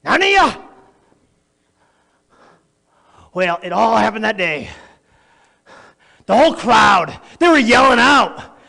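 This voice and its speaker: A man playing Barabbas, a manic gravelly criminal. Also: sits high, very animated, a little slow, sharp tone, exaggerated voice. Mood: boastful, manic. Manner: boastful, erratic, talks straight to the audience. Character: notorious boastful male criminal, jittery and unhinged. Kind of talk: theatrical dramatic monologue. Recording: long echoey hall reverb.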